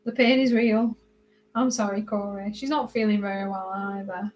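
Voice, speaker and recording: A woman's voice: medium pitch, moderate pace, faint music behind, rough recording. Chatty British woman streaming live. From Britain. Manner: chatty, reads and answers viewer comments; laughs often, drifts quieter while concentrating. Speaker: livestream host. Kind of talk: casual chat while coloring.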